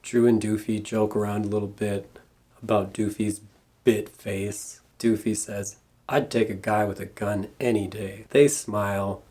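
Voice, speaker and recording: Male reviewer, slightly low voice, dry sarcastic scene-by-scene recap narration. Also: steady tone, measured pace, dark tone, slightly rough. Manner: dry, sarcastic plot retelling. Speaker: film reviewer. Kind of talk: comedic movie recap narration.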